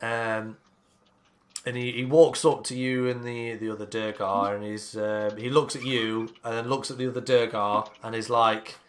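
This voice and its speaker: A man's voice: medium pitch, little pitch movement, normal speed. Hesitant man narrating as game master. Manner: casual, hesitant, full of fillers. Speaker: dungeon master.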